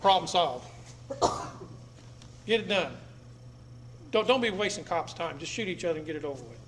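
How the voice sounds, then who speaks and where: Speaking at normal speed with lively intonation, a middle-aged man with a fairly high, fairly bright voice gives a live talk to an audience in a meeting room. Blunt and emphatic, he drives points home through repetition. There's echo and faint background noise.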